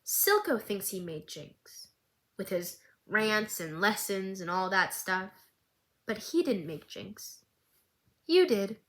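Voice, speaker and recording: A woman voicing an unhinged young woman, eerie, quiet and wistful. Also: mid-range voice, big pitch swings, slow pace.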